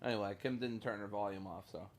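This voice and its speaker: A young man talking casually over a game, chatty and animated, rambling with ums. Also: on the low side, fast talker. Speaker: streamer. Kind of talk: casual gameplay commentary.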